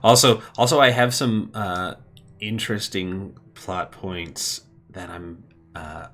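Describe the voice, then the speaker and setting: A man narrating and chatting as game master of a tabletop game, animated and casual. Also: deep voice, slow pace. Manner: animated, chatty, many fillers.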